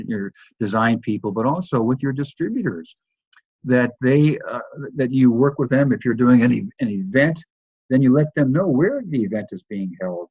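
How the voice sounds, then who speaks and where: A man's voice: mid-range voice, darkish tone, husky, no echo, dull audio. A man teaching a recorded course, talking loosely with many restarts and repeated words. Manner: loose, repetitive delivery with frequent restarts. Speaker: course instructor.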